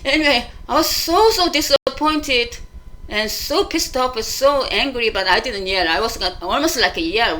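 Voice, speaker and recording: A woman talking in a casual spoken monologue, halting with many fillers and restarts, frank and emotional as she recounts things. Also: a little high, animated, bright, forceful tone, low-quality recording. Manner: frank and emotional when retelling. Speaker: vlogger.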